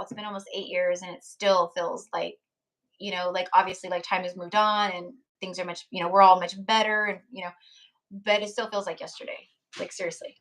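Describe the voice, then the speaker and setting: A woman's voice: on the low side, little pitch movement, fairly quick, fairly bright tone. A young woman hosting a live tarot stream, speaking in a rambling, heartfelt way, with many fillers and restarts. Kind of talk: casual live-stream chat.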